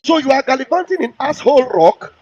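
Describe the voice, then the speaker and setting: A man's voice: extremely high pitch, big pitch swings, fast talker, a little mellow, breathy edge, no echo. A male host, giving heated, mocking political commentary. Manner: heated, mocking, acts out quotes. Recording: dull, dry lo-fi audio.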